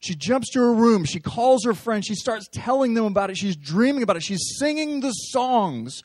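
Pastor, man with a high voice and a dry, close sound, telling stories from the pulpit and stumbling through restarts. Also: lively intonation, moderate pace, dry recording. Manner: conversational, storytelling with repeated restarts. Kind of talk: sermon.

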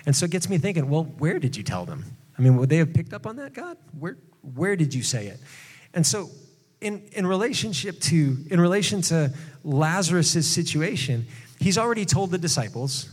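A man, a pastor, preaching a sermon in a relaxed, conversational way with joking asides. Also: a little high, brisk, breathy edge, big-room sound.

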